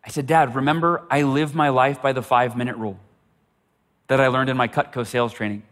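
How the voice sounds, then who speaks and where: A man's voice: mid-range voice, fairly even intonation, brisk, fairly bright tone. A middle-aged man telling a personal story as a motivational speaker, earnest and often repeating words for emphasis. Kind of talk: storytelling talk.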